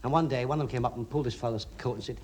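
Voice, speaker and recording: A man's voice: medium pitch, very fast, a little mellow, slightly rough. A man, guest singer and comedian on a radio panel, telling a story chattily. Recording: hissy 1960s radio broadcast.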